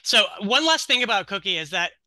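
A man's voice: sits high, expressive, fairly quick, sharp tone, no room sound. A man hosting an interview podcast, setting up his questions at length with enthusiasm. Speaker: podcast host.

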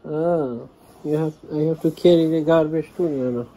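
A man talking to his small daughter at home in a home vlog, patient and gently coaxing, in simple broken English. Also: on the high side, moderate pace, slight background noise. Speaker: father filming his young daughter. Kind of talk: casual home vlog talk to a child.

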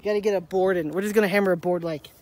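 A woman's voice: mid-range voice, fairly even intonation, rapid-fire, darkish tone, a little hiss or hum. Rambling woman vlogging from her garden. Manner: chatty, rambling, laughs often. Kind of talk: casual vlog chat. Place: outdoors in a backyard garden.

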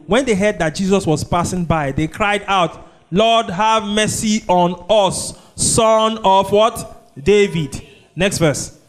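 A man with a Nigerian accent preaching a sermon, who keeps asking the congregation "what?" so they finish his sentences. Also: high voice. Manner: call-and-response preaching, prompting the congregation with "what?". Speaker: pastor.

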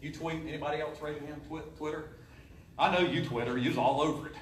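A pastor, preaching a folksy, joking sermon in a church. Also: male voice, on the high side, steady tone, fast, a little hiss or hum. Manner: folksy, joking preaching with sudden loud rises. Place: church sanctuary. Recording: echoey church, voice from a distance.

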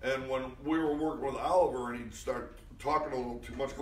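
At a live interview event in front of an audience, a guest actor tells anecdotes in a medium-pitched, fairly even voice, talking fairly quickly with few pauses. His speech is loose, full of restarts and swearing, and he acts out the people he quotes. Slight background noise, an echoey room, and a distant mic shape the sound.

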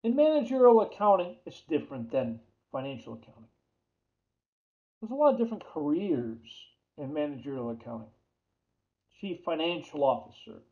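A man with a New York accent giving a chatty accounting lecture, repeating key terms and putting questions to the class. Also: high voice. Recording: dull lo-fi lecture audio.

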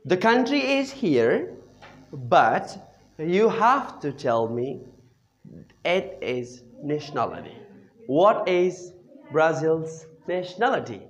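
An English teacher leads a classroom drill at an unhurried pace. The pitch swings widely between questions and answers. The teacher drills with patient call-and-response and praises the class again and again. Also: big pitch swings, highs cut off.

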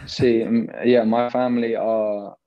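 A young man with an English accent, chatting casually as an interview guest, relaxed and hesitant with many fillers. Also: mid-range voice, measured pace, no echo, dull audio. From England. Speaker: professional goalkeeper guest.

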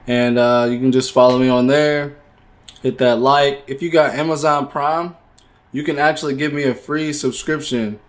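A young man, a gaming streamer, chatting casually as he wraps up a livestream, relaxed and talkative, often saying "man". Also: medium pitch. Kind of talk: casual livestream outro chat.

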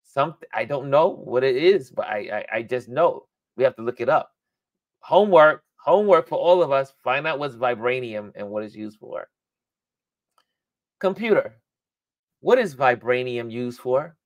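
A male livestream host talks in a loose, rambling way, working things out aloud and breaking into laughter often. His voice sits at an ordinary middle pitch. The sound is dry and close, with no room around it. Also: lively intonation, unhurried, no room sound, highs cut off. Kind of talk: casual livestream chat.

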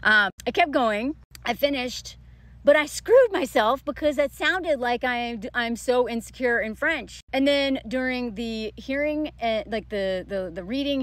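Woman vlogger, 30s, slightly high voice, candid rambling storytime delivery. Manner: rambling, emotional, many restarts and fillers. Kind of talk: casual storytime monologue.

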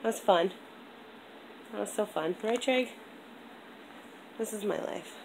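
A young woman chatting on a home vlog, rambling and animated, with a congested throat. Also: medium pitch, slow, creaky, noisy background. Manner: rambling, animated storytelling with lots of "like". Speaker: vlogger. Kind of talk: casual vlog chat.

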